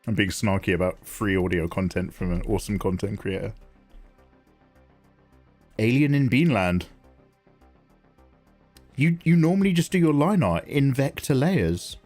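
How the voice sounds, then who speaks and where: A man's voice: on the low side, animated, brisk, hardly any pauses, darkish tone. A man chatting casually with viewers on a live art stream while drawing, playfully snarky and greeting people by name. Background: faint synth music.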